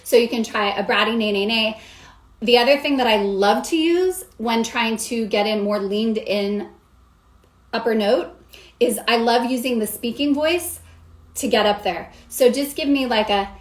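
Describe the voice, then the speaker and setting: A woman's voice: a little high, moderate pace. Upbeat woman vocal coach, echoey room. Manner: upbeat, explains while demonstrating sounds. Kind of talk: singing lesson explanation.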